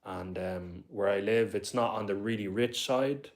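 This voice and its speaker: Chatty young Dublin streamer, low voice. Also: male voice, measured pace. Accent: Dublin Irish. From Ireland. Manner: rambling, talkative, reads viewer comments aloud. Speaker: live streamer. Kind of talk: casual live-stream chat.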